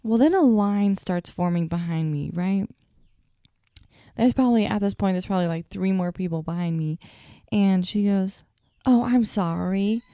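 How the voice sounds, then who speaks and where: Young woman podcast host, sleepy, chatty and self-mocking, mellow gravelly tone, dry close sound. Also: mid-range voice, moderate pace, no room sound. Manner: chatty, self-deprecating, stutters at times. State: sleepy, yawning. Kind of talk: casual solo storytelling.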